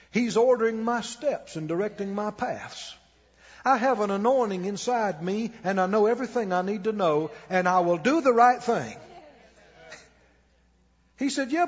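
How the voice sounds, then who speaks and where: High, husky-voiced preacher in a reverberant church. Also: male voice, animated, moderate pace, dull audio. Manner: emphatic, calls the congregation to repeat after him. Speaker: pastor. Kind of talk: sermon. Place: church sanctuary.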